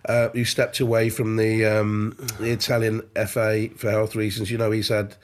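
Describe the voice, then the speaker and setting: A man's voice: on the low side, monotone, normal speed. A middle-aged man co-hosting a podcast, talking football in casual chat with many restarts and ums. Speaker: podcast co-host, football pundit.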